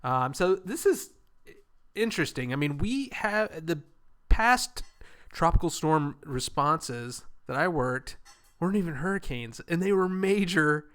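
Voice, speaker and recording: A man's voice: on the high side, animated, unhurried, fairly bright tone. A man co-hosting a podcast, telling stories and running through the news in chatty talk full of fillers. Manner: chatty, lots of fillers, storytelling. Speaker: podcast co-host. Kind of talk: casual chat, reading news rundown.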